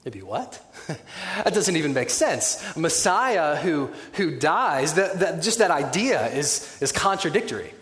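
Guy preaching, bit higher voice, jokey asides, big echoey hall. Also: unhurried. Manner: animated, conversational preaching with wry humor. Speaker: pastor. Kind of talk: sermon. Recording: echoey hall with long reverb.

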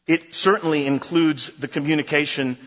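Emphatic preacher in a big echoing hall. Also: male voice, fairly high pitch, fairly even intonation, normal speed, a bit bright. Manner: emphatic, repeats key phrases in rhythmic lists. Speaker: pastor. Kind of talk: sermon. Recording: dull lo-fi recording in a reverberant hall.

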